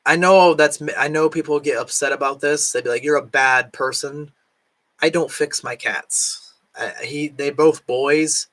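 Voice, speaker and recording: A man's voice: on the high side, fairly even intonation, normal speed, a bit bright. Rambling vlogger man with a worn voice. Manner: rambling, filler-heavy with frequent "like". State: recovering from lost voice, can't reach high notes. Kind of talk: casual chat. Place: home, cat nearby.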